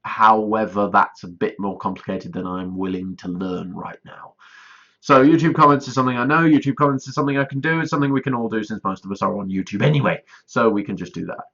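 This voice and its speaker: A man talks through a casual vlog update, rambling and self-deprecating, often stalling mid-sentence. His voice sits a bit low but has a bright, forceful edge. The audio is dull and lo-fi. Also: fast. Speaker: YouTuber directing a voiced let's play.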